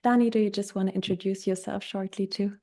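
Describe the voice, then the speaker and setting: A woman's voice: mid-range voice, steady tone, fast talker, dark tone. A woman with a German accent, a native German speaker, hosting a coaching podcast interview. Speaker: podcast host. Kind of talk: casual interview.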